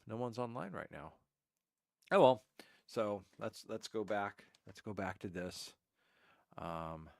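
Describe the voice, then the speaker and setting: Gravelly guy doing a game reaction, lots of ums and restarts, dry close sound. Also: on the low side, fairly bright tone, no echo. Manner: rambling, halting storyteller with many restarts. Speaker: gaming reaction streamer. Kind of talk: casual reaction commentary.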